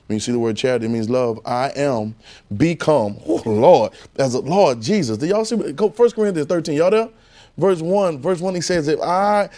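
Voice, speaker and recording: A man preaching a conversational sermon, animated and repetitive, firing rhetorical questions at his congregation. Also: medium pitch, brisk.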